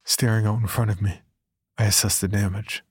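A man reading a horror story aloud in slow, hushed scripted narration with a husky voice. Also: lowish voice, flat delivery, no echo.

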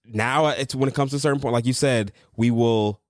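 A young man co-hosting a casual chat with his wife, relaxed and agreeable, often putting in "yeah" and "mm-hmm". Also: mid-range voice, a little fast, no room sound, studio quality. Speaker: co-host, married creator couple.

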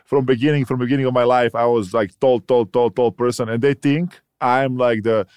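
A man who is not a native English speaker, a guest on a chat podcast, talking in a halting way and searching for words. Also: medium pitch, steady tone, darkish tone, clear, resonant tone, no echo. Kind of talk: casual chat.

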